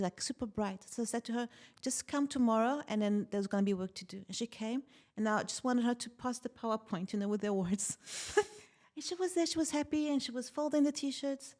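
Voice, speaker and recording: Lively woman telling a story. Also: fairly high pitch. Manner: animated, laughs often while telling stories. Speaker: podcast guest, tech founder. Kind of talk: casual interview storytelling.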